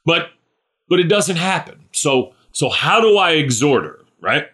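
A man's voice: a little high, big pitch swings, unhurried, pushed and bright. A middle-aged man preaching a sermon in a conversational way, often checking in with "right?" and "you know". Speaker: pastor.

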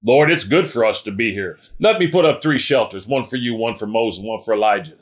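A man's voice: lowish voice, animated, brisk, breathy edge. A man voicing the apostle John as a grown man dryly scolding a friend. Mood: reproachful. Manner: wry, reproachful.

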